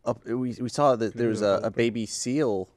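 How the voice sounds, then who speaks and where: A man's voice: mid-range voice, moderate pace, darkish tone. Easygoing man telling a story. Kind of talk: casual storytelling chat.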